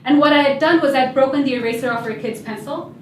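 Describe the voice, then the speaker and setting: A young adult woman giving a humorous storytelling talk on stage. She talks in a lively way and acts out the voices of the people in her stories. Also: sits high, fast, far from the mic, a little hiss or hum. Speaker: speaker. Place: event hall. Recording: echoey hall, voice set back from the mic.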